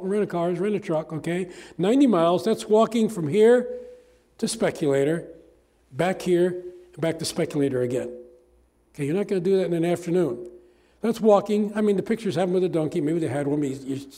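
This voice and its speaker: A man's voice: high voice, fairly quick, warm tone. An older man giving a conversational sermon, folksy and chatty, asking his congregation questions. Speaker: pastor.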